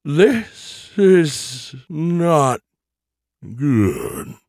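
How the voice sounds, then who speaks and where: A man voicing a polite, proper female starship AI in a high, formal voice. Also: huge pitch swings, slow, breathy edge, no room sound, studio quality, heavily acted. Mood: alarmed. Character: polite prim female ship AI.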